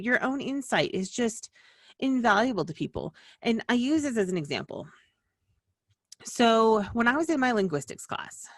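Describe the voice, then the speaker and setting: A woman's voice: medium pitch, dry recording. Chatty woman with a dry close sound. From western United States. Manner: chatty, digressive, many restarts and asides. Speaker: small-business video host. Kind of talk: casual rambling explainer.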